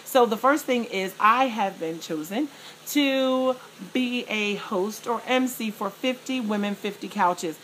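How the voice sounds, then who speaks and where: Excited chatty woman vlogger. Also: a little high, unhurried, a little hiss or hum, poor audio. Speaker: vlogger and plus-size model. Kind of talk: casual chat to viewers.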